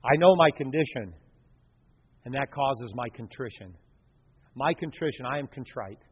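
A man preaching a sermon in a dramatic way, swinging from hushed murmurs to loud exclamations. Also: medium pitch, animated, moderate pace, slightly rough. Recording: reverberant hall, dull lo-fi sound.

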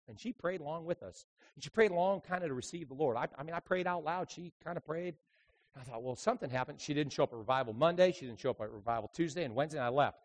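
A traveling evangelist with a medium-pitched voice preaches a sermon packed with lively stories. He drops into quiet asides, then rises into loud, emphatic bursts.

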